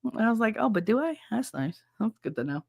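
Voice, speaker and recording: A woman's voice: a little high, very animated, a little fast, vocal fry, darkish tone, husky, dry recording, studio quality. A woman in her thirties, a livestreamer chatting casually with viewers, telling stories with frequent swearing and laughter. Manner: chatty storyteller, swears freely, laughs often.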